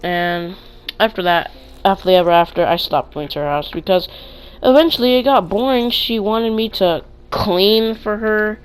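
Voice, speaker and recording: A young man casually telling storytime tales into a clip-on mic, rambling with restarts and getting loud when excited. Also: sits high, normal speed, clear, resonant tone, rough recording. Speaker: vlogger.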